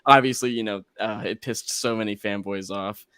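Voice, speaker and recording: A man co-hosting a casual chat show, telling stories excitably and swearing now and then. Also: lowish voice, moderate pace, clean tone, dry recording, clean studio sound. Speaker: co-host.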